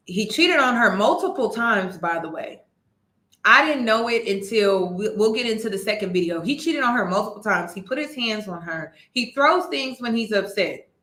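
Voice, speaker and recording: Woman host doing reaction commentary, bright sharp voice, echoey room. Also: on the high side. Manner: animated, exclaiming, repeats herself.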